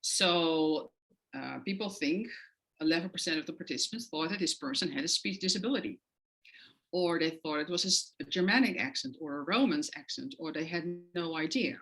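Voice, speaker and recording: A woman's voice: sits low, lively intonation, a little fast, a bit bright, rough recording. A woman with a non-native English accent giving an academic lecture, explaining her research with frequent hesitant fillers. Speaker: guest lecturer.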